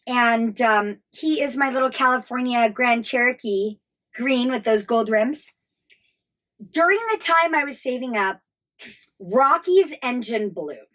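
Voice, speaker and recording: High-voiced woman telling her story candidly. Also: expressive, a little slow, a bit bright. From United States. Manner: candid, swears freely, emotional. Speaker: travel vlogger. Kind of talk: emotional storytelling.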